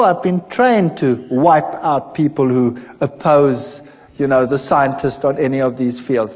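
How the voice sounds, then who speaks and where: A man's voice: high voice, darkish tone, long reverb tail. A middle-aged man, a former lecturer, telling his story animatedly and acting out the dialogue. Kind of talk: personal testimony talk.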